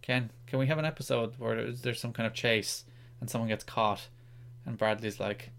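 A man's voice: medium pitch, normal speed, vocal fry. A man co-hosting a casual pop-culture chat, joking around and laughing often. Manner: animated and jokey, laughs often. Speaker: podcast co-host.

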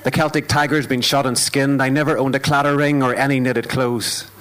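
A man's voice: mid-range voice, fairly even intonation, a little fast, fairly bright tone. A man with a Northern Irish accent performing spoken word poetry live at a club, with a rhythmic, wry, self-deprecating delivery. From Northern Ireland. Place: live music club venue.

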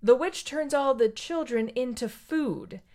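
A woman's voice: high-pitched, unhurried. A woman co-hosting a podcast, chatting casually about a picture book and acting out the characters' lines as she goes. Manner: animated, acts out characters' lines in quotes. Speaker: podcast co-host.

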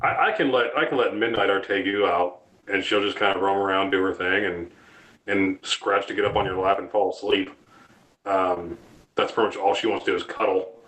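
A man's voice: low voice, fairly even intonation, a little fast, fairly bright tone, poor audio. A man in his thirties, a reptile keeper and show guest, giving long, rambling and blunt explanations in a casual interview.

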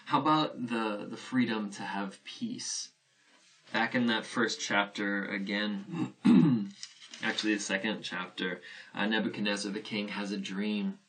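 An earnest male pastor delivers a sermon in an easy, conversational way, often turning to rhetorical questions. His voice sits on the low side. He stands some distance from the microphone, so he sounds a touch remote. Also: steady tone, measured pace, fairly bright tone.

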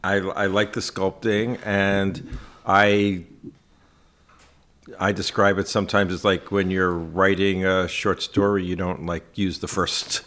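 A man's voice: sits low, slow pace. A man, a photographer guest, telling anecdotes in a casual podcast interview, quoting people and laughing along. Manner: animated anecdotes with quoted asides and laughs.

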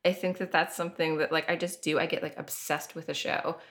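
A woman co-hosting a podcast in casual chat, reflective and self-deprecating, quick to laugh. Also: sits low, steady tone, a bit bright. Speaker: podcast co-host.

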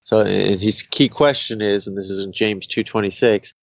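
A man's voice: fairly low pitch, fairly even intonation, normal speed, vocal fry, hardly any pauses, no room sound, highs cut off. A man interviewing with curious, inquiring questions.

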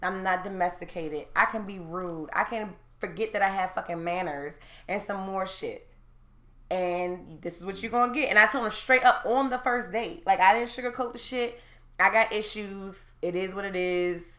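A brash woman in her thirties, talking loud and cursing freely as she tells a story among friends. Her voice is bright and forceful, and the room around her is echoey. She goes from low and calm to near-shouting when she gets worked up. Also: moderate pace. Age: 30s. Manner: loud, profane and animated, rising to shouts when heated. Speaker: storyteller in a group chat. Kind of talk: casual chat, telling a story.

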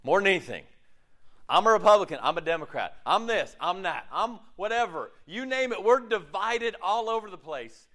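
A man preaching a sermon as pastor, animated and chatty, acting out quoted voices and laughing at himself. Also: high voice, moderate pace.

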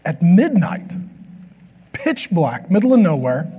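A man preaching a sermon as a pastor, with lively, joking asides to the congregation. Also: high-pitched, measured pace, slightly rough. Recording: long hall reverb.

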